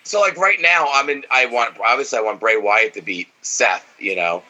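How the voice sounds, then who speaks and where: Bright-voiced blunt wrestling fan. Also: male voice, medium pitch, moderate pace, low-quality recording. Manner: opinionated, blunt, swears freely. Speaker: podcast co-host. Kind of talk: casual wrestling watch-along chat.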